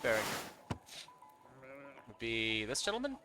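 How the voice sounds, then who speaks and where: A man's voice: mid-range voice, huge pitch swings, unhurried. Man musing through a game, noisy recording. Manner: musing, self-deprecating asides. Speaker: gaming video host. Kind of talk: casual let's play commentary.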